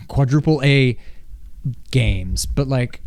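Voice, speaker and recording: A man's voice: medium pitch, lively intonation, extremely slow, a little mellow, no echo, studio quality. A man in his thirties co-hosting a gaming podcast, chatting casually and acting out moments with laughs. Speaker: podcast co-host. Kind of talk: casual chat.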